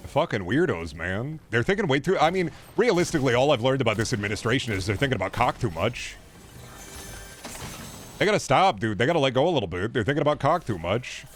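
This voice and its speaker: A man's voice: mid-range voice, sing-song, fast, slight background noise. A young man streaming a game, riffing in a profane, sarcastic way in casual chatter.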